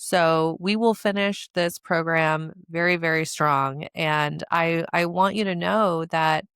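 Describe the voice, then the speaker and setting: A woman's voice: low-pitched, steady tone, slow pace, fairly bright tone, smooth, no echo, clean studio sound. A woman podcast host and coach speaking in an earnest, emotional promotional monologue, repeating words for emphasis.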